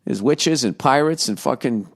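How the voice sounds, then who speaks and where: A middle-aged man hosts a casual solo podcast in a medium-pitched, gravelly, animated voice at normal speed. He reads listener letters aloud, cutting himself off mid-sentence to throw in profane, sarcastic jokes.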